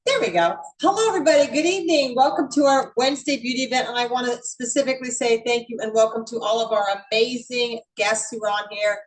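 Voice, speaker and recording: A woman's voice: a little high, quick pace, few pauses, rough recording. A woman in her mid sixties hosting an online beauty event, chatty and upbeat, talking straight to her audience. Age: 60s. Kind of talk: casual online presentation.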